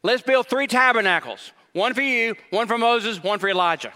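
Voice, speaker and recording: An impulsive, eager male disciple pleads in a high, bright voice, as a preacher acts him out. The words ring with a long reverb from a big hall. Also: moderate pace.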